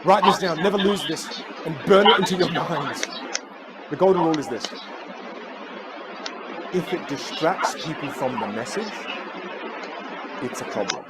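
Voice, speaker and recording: A man speaking as a communication coach in a live talk, energetic, emphatic and playful. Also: fairly high pitch, unhurried, pauses often. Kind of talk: live motivational talk on stage. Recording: live stage with loud crowd and noise.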